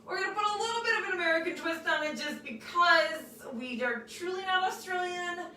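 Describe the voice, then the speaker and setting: A woman's voice: very high voice, brisk, far from the mic, slight background noise. Chatty woman co-hosting in an echoey room. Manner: chatty and excitable. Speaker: cooking show co-host. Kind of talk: casual chat.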